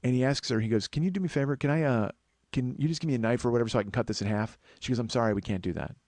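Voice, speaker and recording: A man's voice: medium pitch, very fast, a little mellow, dry recording, clean studio sound. A middle-aged man, a comedian and podcast host, telling a story as an exasperated, swearing rant. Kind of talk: storytelling monologue.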